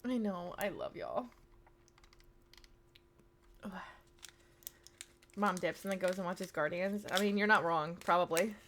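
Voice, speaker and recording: Bright-voiced chatty woman streamer. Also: on the low side, measured pace, pauses often, slight background noise. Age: 30s. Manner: chatty, rambling, many fillers. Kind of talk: casual live-stream chat.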